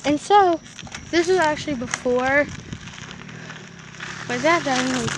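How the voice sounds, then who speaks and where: A woman with a high voice tells a story to her camera in a loose, rambling way, packing it with "like" and mild stand-in swears. She is recorded outdoors somewhere rural, and steady background noise sits under her voice. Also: moderate pace, pauses often. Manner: rambling, filler-heavy, says "flippin'" and "effing" instead of swearing. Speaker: vlogger.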